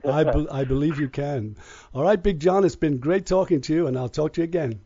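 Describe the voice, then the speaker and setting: A man's voice: a little high, brisk, breathy edge, dry recording. A man hosting a radio show, chatting and joking with callers in an easygoing way. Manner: joking, relaxed banter. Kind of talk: casual radio chat. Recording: dull lo-fi radio audio.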